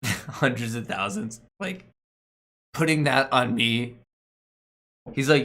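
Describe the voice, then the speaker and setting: Young guy streaming, reading chat out loud, jokey and slangy, laughs a lot, normal mid voice. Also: mid-range voice, lively intonation, slow, long pauses. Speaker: stock market livestream host. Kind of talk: casual live-stream chat, reading chat aloud.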